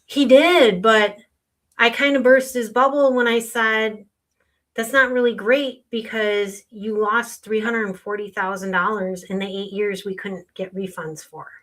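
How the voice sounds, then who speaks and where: A woman's voice: medium pitch, steady tone, a little slow, fairly bright tone. Woman earnestly explaining tax on a podcast. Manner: explains earnestly with client stories. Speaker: sales tax consultant guest. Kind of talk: podcast conversation.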